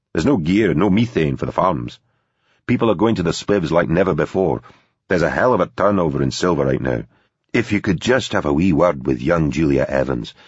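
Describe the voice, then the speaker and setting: A man acting out a pleading middle-aged businessman with a soft Scottish accent, wheedling and persuasive. His voice is very deep and husky. The sound is dull and dry. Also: no echo.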